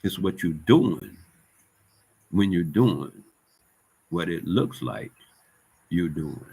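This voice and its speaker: A man's voice: low voice, lively intonation, slow pace, vocal fry, mellow, breathy edge. A man delivering a heated, profane monologue as a vlogger, circling back over the same points in loose street talk. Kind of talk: ranting monologue to camera.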